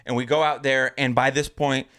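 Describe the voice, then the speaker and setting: A young man with a twang tells a story on a podcast, his voice smooth and clear. He gets animated and jumps high in pitch when he quotes people. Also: moderate pace. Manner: animated, acts out quotes in a raised voice. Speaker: podcast co-host. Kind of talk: casual storytelling.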